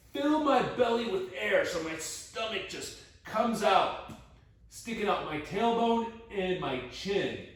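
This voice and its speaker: Slow, playful male stretching instructor, echoey room. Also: high-pitched, a little mellow. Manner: playful, encouraging, counts breaths and reps. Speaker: exercise instructor. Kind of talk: guided floor stretching class. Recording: roomy echo, mic at a distance.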